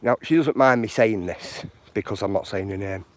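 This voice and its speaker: A man's voice: fairly low pitch, moderate pace. Rambling encouraging man. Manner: rambling, encouraging, says "you know" often. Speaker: walking vlogger. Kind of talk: live walking chat. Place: outdoors on footpaths.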